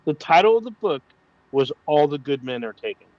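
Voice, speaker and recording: A man's voice: on the high side, very animated, a little fast, dry recording, muffled recording. A man chatting casually as a podcast co-host, telling a small story in a laid-back way with some swearing. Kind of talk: casual chat.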